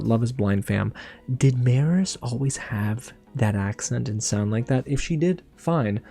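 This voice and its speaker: A man delivers a casual reality TV recap with a mellow, darker tone. He talks in an animated, gossipy way and laughs often. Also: medium pitch, creaky. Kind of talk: casual review monologue.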